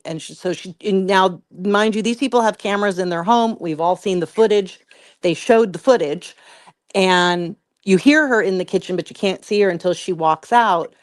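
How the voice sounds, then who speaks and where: A woman's voice: medium pitch, normal speed, no echo, clean studio sound. A woman co-hosting a commentary podcast, retelling an online drama in a chatty, profane way with lots of "like.". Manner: chatty, profane, heavy use of "like". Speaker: podcast co-host. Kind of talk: casual commentary storytelling.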